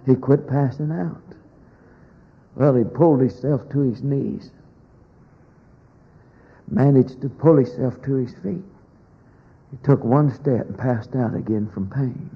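A man preaching, telling a folksy story in a sermon, swinging between loud declarations and hushed lines. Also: mid-range voice, measured pace, creaky, pauses often, breathy edge, lo-fi sound.

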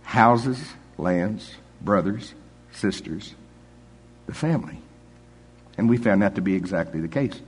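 A man's voice: fairly low pitch, a little slow, long pauses, slightly rough. An older man preaching a sermon in a folksy, conversational way, chuckling often.

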